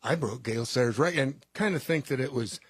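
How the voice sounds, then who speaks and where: A man speaking calmly and reflectively in a radio studio. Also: medium pitch, fairly quick, husky, no echo. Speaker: guest, former football player. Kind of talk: reflective talk.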